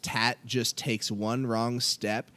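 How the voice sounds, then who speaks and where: A man working as game master, narrating the scene and reading out rules in a quick, matter-of-fact way. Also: mid-range voice, flat delivery, pushed and bright.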